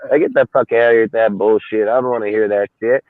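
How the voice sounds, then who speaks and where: A man's voice: on the low side, fairly even intonation, fast, dry recording. A man in casual sports chat, talking in a heated, profane, rambling way. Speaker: co-host. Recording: dry tinny phone-like line.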